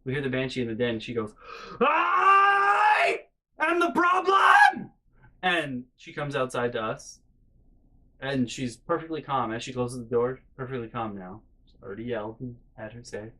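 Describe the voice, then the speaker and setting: A young man telling family stories in a casual vlog, animated and profane, with frequent exasperation. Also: mid-range voice, a little fast, low-quality recording. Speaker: vlogger.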